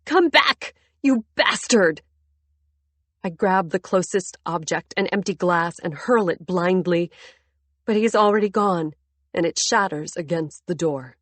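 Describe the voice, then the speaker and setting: A woman's voice: lowish voice, normal speed, no room sound. A woman reading a first-person story aloud as an audiobook narrator, with tense, intimate storytelling.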